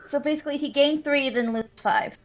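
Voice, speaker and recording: A woman playing a tabletop game, blunt and quick to swear. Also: high-pitched. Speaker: player. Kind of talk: casual game table chat.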